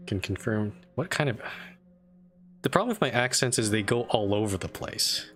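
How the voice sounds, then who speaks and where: A man's voice: fairly low pitch, lively intonation, moderate pace, fairly bright tone, faint music behind. A man streaming a strategy game, chatting casually and self-deprecatingly with lots of restarts. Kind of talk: casual live-stream commentary.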